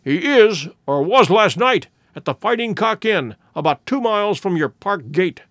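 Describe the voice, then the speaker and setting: A man voicing a cold, inexorable male detective who speaks in a measured, precise way in a storybook reading. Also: sits high, expressive, a bit bright, no room sound, clean studio sound. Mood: cool, measured.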